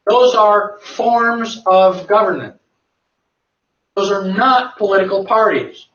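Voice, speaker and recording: A man's voice: high voice, slow pace, fairly bright tone. Man lecturing in an echoey room. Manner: emphatic, rhetorical questions answered himself. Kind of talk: lecture to a live audience. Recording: echoey, distant, dull lo-fi.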